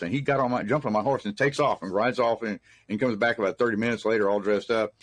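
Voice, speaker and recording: A man's voice: mid-range voice, fast talker, no room sound. A middle-aged man from Texas, telling rambling, folksy stories as an interview guest. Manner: rambling, folksy anecdotes with restarts. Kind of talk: casual storytelling in an interview.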